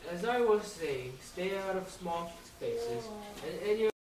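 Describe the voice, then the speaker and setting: Casting: teen student, slow storybook read-aloud, distant in an echoey, noisy room. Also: mid-range voice, animated. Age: teens. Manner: slow, careful read-aloud with sound effects. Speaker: high school student reading aloud. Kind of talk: reading a picture book aloud to children.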